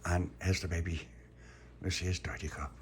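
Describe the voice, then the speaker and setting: A man telling a homemade children's bedtime story in a gentle, playful way, laughing often. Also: low voice, flat delivery, moderate pace, slight background noise.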